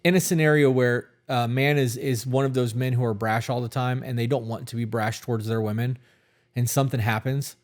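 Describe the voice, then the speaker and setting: A man co-hosting a podcast in casual chat, blunt and emphatic with heavy swearing. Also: medium pitch. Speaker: podcast co-host.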